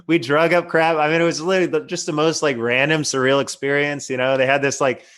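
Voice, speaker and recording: A man's voice: a little high, level tone, fast, fairly bright tone, smooth. Rambling male interview guest from California. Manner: rambling, many fillers like you know and I mean. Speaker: guest, investor. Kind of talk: casual interview chat.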